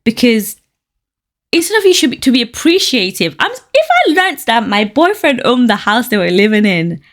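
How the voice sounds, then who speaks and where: A woman from Nigeria hosting a podcast, reading out online stories and reacting with outspoken, animated commentary and frequent laughter. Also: fairly high pitch, normal speed. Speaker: podcast host.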